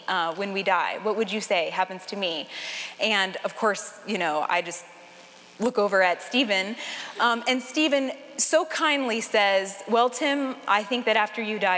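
A woman's voice: a little high, a bit bright. A woman in her thirties giving an earnest conference talk with a personal story, talking with many fillers. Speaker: speaker at a Christian conference. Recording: long hall reverb.

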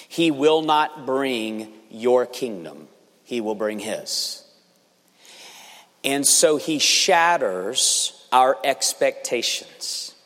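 A man's voice: medium pitch, a bit bright. A man preaching a sermon as a pastor, speaking earnestly and building force for emphasis, with some restarts. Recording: long reverb of a large hall.

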